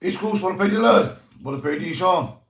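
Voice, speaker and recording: A man's voice: high-pitched, brisk, background noise. Young northern irish guy on a livestream, sweary and matey, roomy echo on the mic. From Northern Ireland. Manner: swears freely, calls everyone mate and lad. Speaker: livestream host. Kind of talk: casual livestream chat, greeting viewers.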